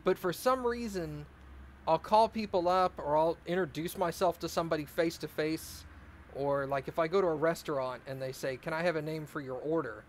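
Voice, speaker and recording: A man with a fairly high voice rambles and jokes with his viewers while playing a car repair game. His casual chat comes with a faint hiss of noise in the background. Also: moderate pace. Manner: rambling, joking, chatty with viewers. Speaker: let's play streamer.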